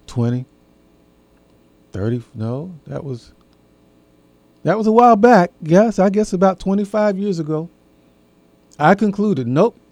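A middle-aged man speaking slowly and deliberately to his listeners, leaning on repeated phrases to drive a point home. His voice is warm and mellow, a little higher than most men, and it sounds dry and close, with no room echo. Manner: slow, folksy, repeats key phrases for emphasis. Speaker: host. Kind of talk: casual talk to an audience.

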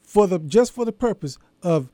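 A man hosting a religious radio program, preaching in a measured, emphatic way with deliberate pauses. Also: high voice, expressive, warm tone, no echo, clean studio sound. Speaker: radio show host and preacher. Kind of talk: radio sermon.

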